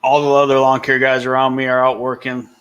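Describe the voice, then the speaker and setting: A man's voice: mid-range voice, monotone, a little fast, a bit bright, smooth, dull audio. Middle-aged man, casual live-chat host, rambling and easygoing. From Michigan. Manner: laid-back, rambling, restarts often. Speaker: livestream host. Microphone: headphones and computer mic.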